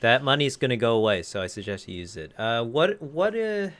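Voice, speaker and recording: A man's voice: mid-range voice, big pitch swings, brisk, fairly bright tone. Rambling male podcast co-host. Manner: rambling, self-correcting storyteller. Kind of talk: casual chat.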